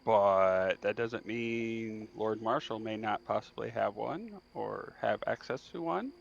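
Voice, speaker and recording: A man's voice: fairly low pitch, slow, gravelly, muffled recording, slight background noise. A man playing in a tabletop role-playing game online, thinking aloud and laying out plans persuasively. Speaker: player. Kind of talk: tabletop role-play discussion.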